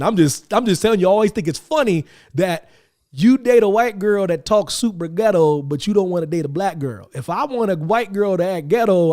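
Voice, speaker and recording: Man, podcast host, casual chat, animated storytelling, slightly high pitch. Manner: animated storytelling, acts out quotes.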